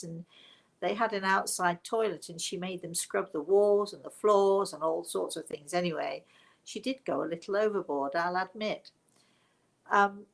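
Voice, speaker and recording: An older woman with a British accent telling a story on a live show, in a hushed, dramatic way that often drops to a whisper. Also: mid-range voice, creaky, low-quality recording. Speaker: spiritual medium.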